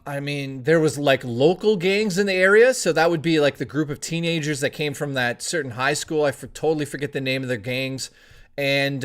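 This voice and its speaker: A young man from Toronto streaming, telling a long story in a rambling, animated way, swearing freely. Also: fairly high pitch, clean tone. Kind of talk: casual storytelling on a live stream.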